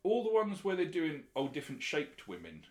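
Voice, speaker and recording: A man's voice: on the high side, wildly swooping pitch, fairly quick. A man co-hosting a casual podcast chat, talking with knowing enthusiasm. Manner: knowledgeable, enthusiastic about collectibles. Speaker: podcast co-host. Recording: echoey room.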